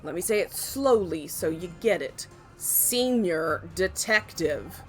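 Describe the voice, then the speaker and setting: A woman voicing a gruff male senior detective in a video game, giving blunt commands. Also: on the low side, animated, normal speed, darkish tone, soft background music, lightly acted. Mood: irritated. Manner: commanding, barking orders.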